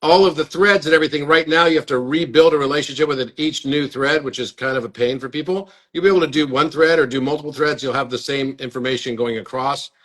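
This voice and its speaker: Earnest man inviting viewers, slightly high voice. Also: fast, few pauses, fairly bright tone. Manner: earnest, inviting, repeats words. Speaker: host. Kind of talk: live stream chat. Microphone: phone or webcam on a live stream.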